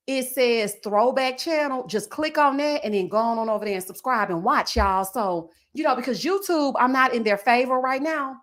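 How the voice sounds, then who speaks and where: A woman with a fairly high voice talking through a reality-show recap in a loose, chatty way. She reads viewer comments aloud and laughs a lot between remarks. Her endearments come out drawn out and playful. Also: fairly bright tone. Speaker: TV recap YouTuber. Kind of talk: casual recap commentary reading live chat.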